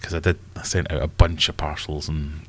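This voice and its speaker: Scottish male host, low voice, loose self-mocking live-stream chatter. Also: flat delivery, fairly quick, fairly bright tone. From Scotland. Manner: rambling and self-mocking, thinks aloud. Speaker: aquarium channel host. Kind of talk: casual live-stream chat.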